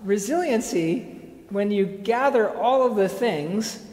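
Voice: medium pitch, lively intonation, slow pace, a little mellow. A speaker giving an informal slide lecture, telling a parable in a conversational way with wry asides, frequent fillers and restarts. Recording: echoey hall with long reverb.

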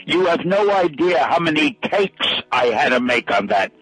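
An older man telling a joking anecdote in an animated raconteur manner, from an archival clip. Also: a little high, normal speed, slightly rough, dry recording, faint music behind, heavily acted, poor audio. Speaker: archival clip of a comics creator telling a story. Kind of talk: storytelling anecdote.

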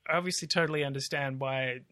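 A man's voice: mid-range voice, fairly even intonation, fast talker, pushed and bright. A man co-hosting a podcast, casual and blunt, laughing often and swearing freely. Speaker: podcast co-host. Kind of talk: casual chat.

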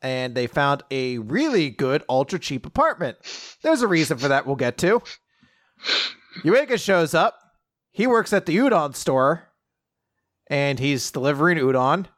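A man's voice: on the high side, big pitch swings, unhurried, long pauses, a bit bright. A man in casual chat, animatedly recapping a story, laughing often and acting out quoted lines.

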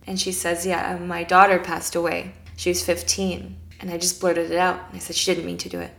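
A woman speaks in a lowish, gravelly voice with a good deal of vocal fry. She tells her story in an earnest, reflective way and voices her own past thoughts as she goes. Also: little pitch movement, moderate pace, a bit bright. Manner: earnest, reflective, recounts events with quoted inner dialogue. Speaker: guest. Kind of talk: casual storytelling.

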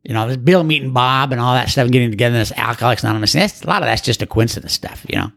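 A man's voice: medium pitch, rapid-fire, vocal fry, fairly bright tone. An older man sharing his recovery story in a folksy, rambling, plain-spoken way. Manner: acts out other people's voices in quotes. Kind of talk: storytelling talk.

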